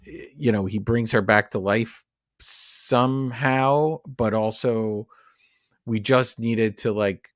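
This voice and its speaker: A man's voice: lowish voice, no room sound, studio quality. A man co-hosting a podcast, chatting about a film and its comic roots in a loose, opinionated way. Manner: chatty, opinionated, many fillers. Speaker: podcast co-host. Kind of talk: casual film discussion.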